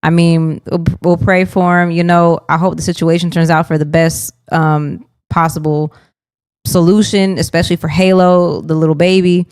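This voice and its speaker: A woman with a notably low voice speaks earnestly on a faith podcast. Her tone stays thoughtful and reflective. The sound is dry and close to the mic. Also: flat delivery, moderate pace, a little mellow, clear, resonant tone, no room sound. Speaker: podcast co-host.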